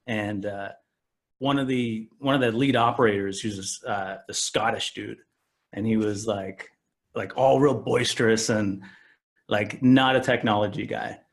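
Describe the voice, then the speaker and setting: A man's voice: on the low side, steady tone, a little slow. A man co-hosting a podcast who chats in an easygoing, agreeable way and tells stories. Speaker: podcast co-host. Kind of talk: casual conversational chat.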